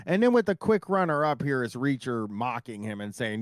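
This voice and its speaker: A man co-hosts a casual podcast about a TV show, speaking bluntly and joking around with plenty of swearing. His voice sits at a middle pitch. The recording is close and dry. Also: animated, normal speed, dry recording. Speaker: podcast co-host. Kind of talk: casual TV recap chat.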